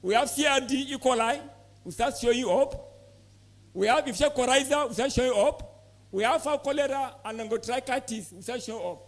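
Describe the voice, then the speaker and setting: A very high-voiced man speaking a little fast presents to poultry farmers at a conference hall in Nigerian-accented English. He makes his points emphatically and keeps putting repeated questions to the audience.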